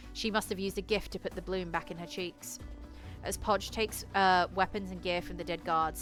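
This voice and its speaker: A woman's voice: mid-range voice, fairly bright tone. Casual woman narrating a werewolf game. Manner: casual, swearing, laughing at herself. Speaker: solo tabletop game player and narrator. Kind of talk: reading and playing a solo tabletop adventure.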